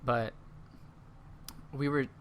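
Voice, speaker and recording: A young adult man hosts a laid-back podcast and tells a long anecdote in a loose, rambling way, full of fillers. His pitch sits mid-range for a man. A faint hiss sits under the recording. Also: fairly even intonation, drawn-out words, fairly bright tone. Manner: rambling, filler-heavy storytelling. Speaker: podcast host. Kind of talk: casual storytelling chat.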